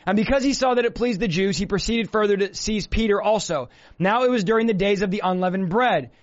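A male preacher delivering a fervent sermon, often shouting. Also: high-pitched. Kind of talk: fiery sermon. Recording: dull lo-fi sound with faint music.

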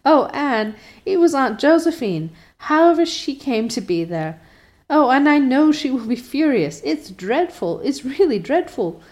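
A woman voicing an excitable, chatty young girl in a storybook reading, talking in a high, breathless gush. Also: normal speed, natural voice. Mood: excited.

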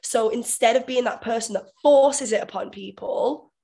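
A woman's voice: a little high, moderate pace, gravelly, dark tone. Woman coach as podcast guest; explains steadily, voices inner thoughts.

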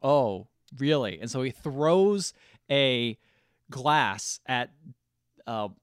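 A man co-hosting a podcast, casually retelling a film's scenes and acting out the characters' lines in quick voices. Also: medium pitch, expressive, a bit bright, clear, resonant tone, no room sound, studio quality. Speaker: podcast co-host. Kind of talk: casual movie recap chat.

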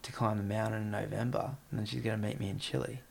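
A man's voice: on the low side, flat delivery, fast talker, gravelly, noisy background. A man in casual podcast chat, rambling and peppering his talk with "like". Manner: rambling, heavy use of "like".

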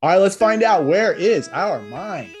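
A man's voice: high voice, a little slow, breathy edge, soft background music. A man co-hosting a sports podcast in casual, joking chat, acting out little quoted voices. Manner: animated, jokey, acts out quoted voices. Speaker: podcast co-host.

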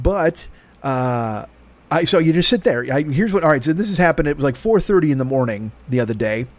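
A man's voice: on the high side, no echo. A middle-aged man hosting a show, telling a long story in a rambling, sardonic way with lots of swearing. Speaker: podcast host. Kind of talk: casual profane monologue.

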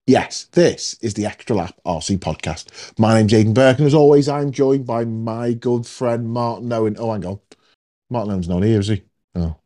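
A man's voice: fairly low pitch, normal speed, warm tone. A man hosting a podcast, chatting casually and jokily with plenty of ums. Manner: chatty, jokey, lots of ums. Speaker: podcast host. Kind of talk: casual chat.

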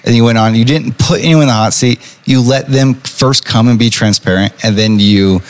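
Dude on a work podcast going back over things, says like a lot, pretty reflective. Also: male voice, medium pitch, moderate pace. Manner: reflective, filler-heavy storytelling. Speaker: employee and podcast co-host. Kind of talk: casual podcast conversation.

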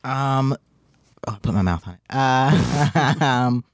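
A man's voice: mid-range voice, lively intonation, takes it slowly, dry recording, clean studio sound. A man co-hosting a podcast in casual chat, playful and jokey, laughing often. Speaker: podcast co-host.

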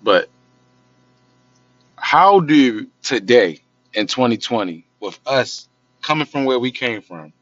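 A man in his thirties in casual podcast chat, telling stories with lively acted-out quotes. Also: slow, long pauses, no echo, highs cut off. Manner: animated storyteller, acts out quotes in a high voice. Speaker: podcast co-host.

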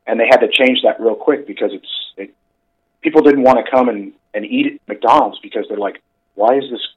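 A man's voice: lowish voice, lo-fi sound. A man co-hosting a casual chat show, talking in a rambling way with lots of fillers. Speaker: podcast co-host.

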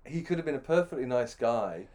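A man's voice: medium pitch, animated, brisk, darkish tone. Rambling storyteller man. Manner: rambling, self-deprecating, full of restarts. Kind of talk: anecdotal storytelling.

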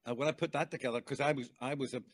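A man's voice: mid-range voice, fairly even intonation, very fast. An older man, a guest songwriter chatting in an interview and telling stories. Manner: chatty, storytelling, warm exclamations. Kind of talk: casual interview chat.

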